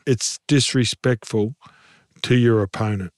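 Recorded cleanly in a podcast studio with no echo, this man speaks in a fairly low, darkish voice at a measured pace and fairly even intonation. An ex-rugby league player, he co-hosts a rugby league show, giving frank, heated views in relaxed conversation.

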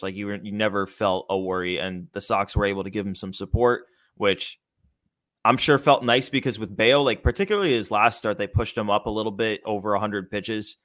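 A man's voice: fairly low pitch, fairly bright tone. Enthusiastic man talking baseball. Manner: enthusiastic, swears casually. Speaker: podcast host. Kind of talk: casual sports chat.

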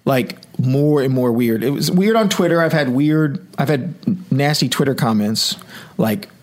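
A man's voice: medium pitch, lively intonation, unhurried, darkish tone. A man hosting a podcast, telling a story in casual chat and acting out the quoted emails and replies. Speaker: podcast host.

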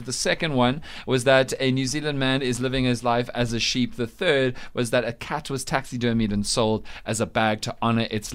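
A man hosting a breakfast radio show, running a news quiz and teasing his co-hosts in casual chat. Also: mid-range voice. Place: radio studio.

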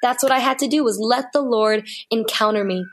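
A woman's voice: fairly high pitch, fairly quick, noisy background. A woman guest on a faith interview, telling her personal story in an earnest, heartfelt way and repeating phrases for emphasis.

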